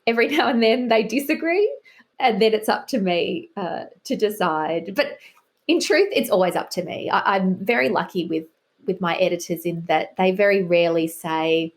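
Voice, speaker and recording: A woman's voice: mid-range voice, animated, moderate pace. Wry, joking woman author. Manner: wry, self-deprecating and joking. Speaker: guest author. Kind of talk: casual interview chat.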